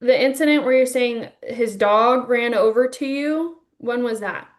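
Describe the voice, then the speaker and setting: A woman's voice: fairly high pitch, measured pace. A woman speaking for her client in a courtroom, asking a witness questions in a hesitant way with lots of fillers.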